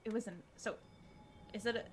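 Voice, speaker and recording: A woman's voice: a little high, steady tone, normal speed, slight background noise. A woman playing a tabletop role-playing game, eagerly asking the game master questions. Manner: eager, asks many questions. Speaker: player.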